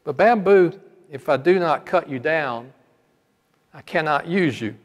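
A man's voice: fairly high pitch, expressive, measured pace. A man voicing the grave, loving master of a garden in a sermon parable, speaking solemnly. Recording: long hall reverb.

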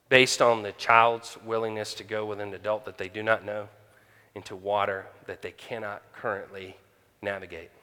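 A man preaching a conversational sermon as pastor, pausing often with fillers. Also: lowish voice, flat delivery, sharp tone, clean tone. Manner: conversational with frequent pauses and fillers. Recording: hall reverb.

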